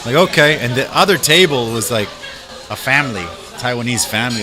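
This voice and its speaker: Animated man telling a bar story. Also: medium pitch, normal speed. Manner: animated storyteller acting out quotes. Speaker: host. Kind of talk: casual storytelling chat.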